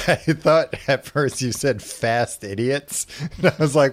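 A man's voice: medium pitch, slow pace. A man co-hosting a podcast, dry and teasing, laughing often in casual comedic chat. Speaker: podcast co-host.

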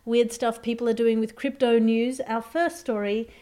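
A woman hosting a topical comedy podcast, delivering quick, wry, deadpan jokes. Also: on the high side. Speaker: host.

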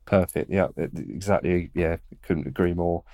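Deep-voiced male interviewer, dry sound. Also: vocal fry, mellow, no room sound. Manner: affirming, halting questions with repeated words. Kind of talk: conversational interview questions.

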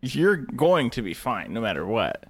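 Man, mid-pitched, laid-back, short replies, casual chat. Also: huge pitch swings. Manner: laid-back, quick one-word replies. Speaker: podcast co-host.

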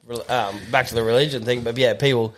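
A man's voice: mid-range voice, steady tone, fast talker, a bit bright, a little hiss or hum. An Australian man co-hosting a podcast, mostly chiming in with short, laid-back remarks. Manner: laconic, agreeable interjections. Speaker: podcast co-host. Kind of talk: casual podcast chat.

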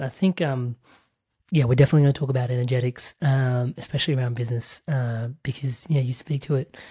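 An Australian woman hosting an interview, chatty and filling pauses with soft murmurs. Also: rumbling low, slightly rough. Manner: chatty, with frequent filler murmurs. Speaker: podcast host.

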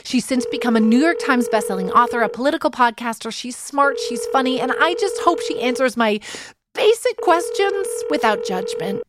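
A woman hosting a podcast, delivering a joking, animated comedic monologue and then chatting on a call. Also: a little high, moderate pace, very noisy. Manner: animated, joking, self-mocking. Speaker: podcast host.

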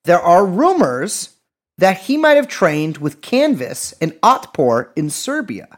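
A man's voice: high-pitched, takes it slowly. A man co-hosting a podcast, bantering wryly and profanely in casual political talk. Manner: wry, profane, lively banter with restarts. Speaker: podcast co-host.

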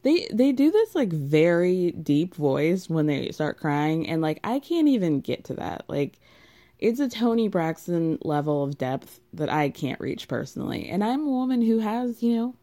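A woman's voice: lowish voice, big pitch swings, normal speed, warm tone. A woman with a contralto voice giving a sarcastic, gossipy recap of a reality TV show in a casual way.

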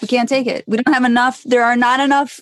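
A woman's voice: fairly high pitch, flat delivery, fast talker, no room sound, clean studio sound. A woman hosting an interview who encourages her guest and sums up what the guest has said. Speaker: interview host.

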